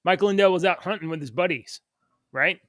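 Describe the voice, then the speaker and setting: Man, bright ringing tone, higher pitch, joking morning show co-host, reads news aloud. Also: brisk, no echo, clean studio sound. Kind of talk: casual morning show chat.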